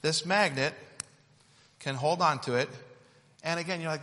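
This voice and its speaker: A male preacher with a slightly higher voice than most men, delivering a sermon in a casual, playful way as he demonstrates props. His voice rings out with a long reverb, as if he were recorded in a large church hall. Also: normal speed, bright, forceful tone. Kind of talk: sermon with object lesson.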